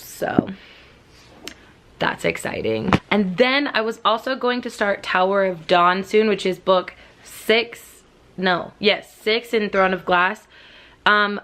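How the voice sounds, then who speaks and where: A woman's voice: mid-range voice, a bit bright. A woman book vlogger chatting casually and rambling, with lots of "like" fillers.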